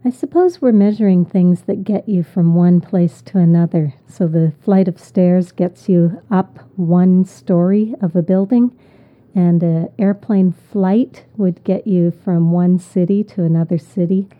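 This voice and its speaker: Woman, lower voice, unhurried English teacher, patient repetition, thin phone-quality audio. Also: steady tone. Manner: repeats each word and explains patiently. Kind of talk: slow, deliberate vocabulary lesson.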